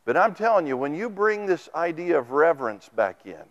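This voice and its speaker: A man delivering a sermon in a church, speaking into a microphone. His voice sits high for a man and moves animatedly. The delivery is folksy, full of stories and acted-out quotes. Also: sing-song, moderate pace, dull audio. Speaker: preacher. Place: church sanctuary.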